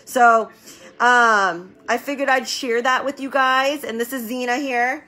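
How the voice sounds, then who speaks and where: Chatty bright-voiced businesswoman on a live stream. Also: a little high, moderate pace. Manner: chatty, rambling, repeats words for emphasis. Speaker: medical business owner hosting a live stream. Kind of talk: casual live-stream talk.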